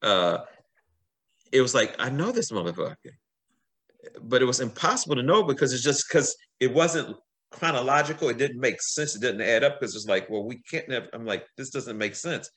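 A middle-aged man, a guest on a podcast, telling stories in a casual, animated way, swearing freely and acting out what people said. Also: mid-range voice, moderate pace. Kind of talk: casual storytelling.

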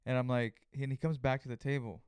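Speaking fairly quickly in a steady, mid-range voice that's a little mellow and clean in tone, a man hosts a solo podcast. He tells a story casually and conversationally, rambling and leaning heavily on fillers, with no room sound.

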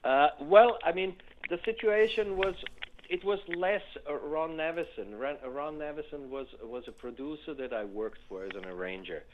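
An older man, a music producer and keyboardist, telling stories in a casual interview, rambling with restarts and growing animated. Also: a little high, moderate pace, highs cut off, a little hiss or hum.

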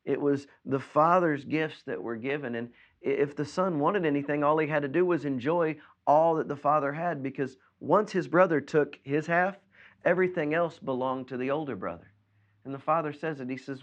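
A man's voice: a little high, normal speed, highs cut off. A man preaching a sermon as pastor, earnest and given to repeating words as he stresses a point. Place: preached by video from home during quarantine.

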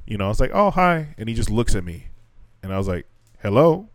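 A young man, a teacher, telling a frustrating work story on a podcast, animated and swearing freely as he acts out what people said. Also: lowish voice, fast talker, no echo. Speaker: podcast co-host; assistant language teacher in Japan. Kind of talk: casual chat.

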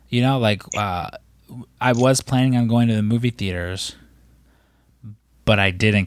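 A man's voice: on the low side, no echo, clean studio sound. A man on a podcast telling a long, rambling story in casual chat, swearing and acting out what people said. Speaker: podcast co-host.

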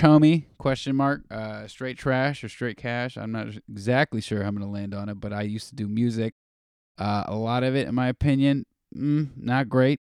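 A chatty podcast host, a man with a fairly low voice, rambles loosely and swears freely. He pokes fun at himself as he goes. The sound is dry and close. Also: darkish tone, clean tone, no echo. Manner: chatty, profane, self-deprecating. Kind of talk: casual rambling chat.

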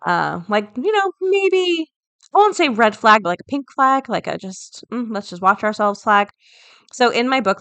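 Woman podcast host, casual commentary, lowish voice, dry close-miked sound, chatty with fillers. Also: a bit bright, no room sound. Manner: chatty, thinks aloud with many fillers and restarts.

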